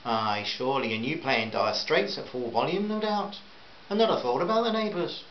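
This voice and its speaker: A man's voice: mid-range voice, expressive, moderate pace, close to an everyday voice. A man voicing a cheeky, teasing Northern Irish wife with a lilting voice, in a roomy, slightly dull recording with faint hiss.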